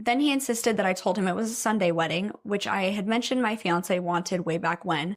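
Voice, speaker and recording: A young woman gives casual commentary on stories she reads aloud. She is blunt and opinionated, and she swears freely as she talks. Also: mid-range voice. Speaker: story reader and commentator.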